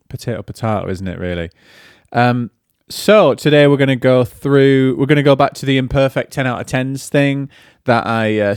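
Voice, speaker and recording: A man's voice: medium pitch, dry recording, clean studio sound. Chatty, self-mocking man hosting a film podcast. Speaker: podcast host and film critic. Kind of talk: casual solo podcast chat. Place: room at home.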